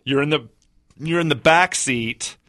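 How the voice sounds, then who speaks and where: A man's voice: a little high, fairly bright tone, dry recording, clean studio sound. A man co-hosting a talk show, bantering and joking along in casual chat. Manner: quick banter, jokes along. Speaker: co-host.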